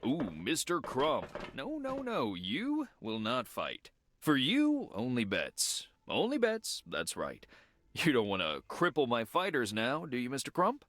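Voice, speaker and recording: A sing-song scheming arena bookie. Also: male voice, mid-range voice, huge pitch swings, measured pace, fairly bright tone. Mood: wheedling. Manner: theatrical, sing-song showman announcing.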